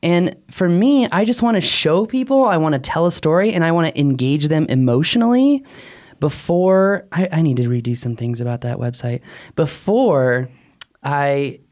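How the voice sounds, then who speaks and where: A man co-hosting a casual podcast discussion, animated, his pitch jumping up, laughing often. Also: normal speed. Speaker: podcast co-host, drone pilot.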